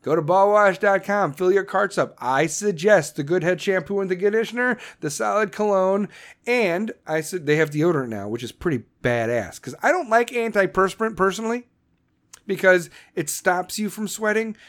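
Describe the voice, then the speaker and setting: Angry podcast guy, swears nonstop, yells here and there, reads ads blunt and crude. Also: high-pitched, moderate pace. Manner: angry, swearing constantly, shouting bursts. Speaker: podcast host. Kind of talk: profane political rant and ad read.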